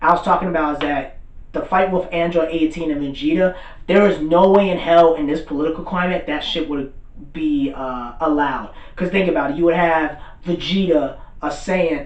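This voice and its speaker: Man, excitable rambling rant, swears a lot, casual recap, echoey room, far from the mic. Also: fairly high pitch. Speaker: anime commentator.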